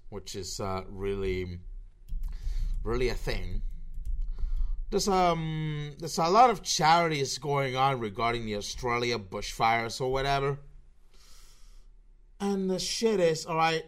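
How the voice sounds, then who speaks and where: A man hosting his own podcast, rambling through sarcastic, profanity-laden commentary with a slurred, low-energy delivery. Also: a bit bright. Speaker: podcast host.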